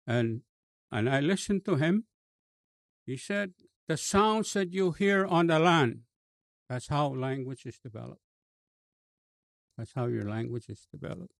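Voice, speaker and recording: A man with a Cree accent, a bishop telling a personal story in a slow, halting way with many fillers and restarts. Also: on the high side, expressive, gravelly, dry recording. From Canada.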